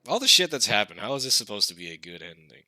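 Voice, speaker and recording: A man's voice: on the low side, big pitch swings, fast talker, sharp tone, no room sound. A man reading a game aloud and reacting to it in a wry, casual way, with some swearing. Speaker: let's play host. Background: faint guitar music.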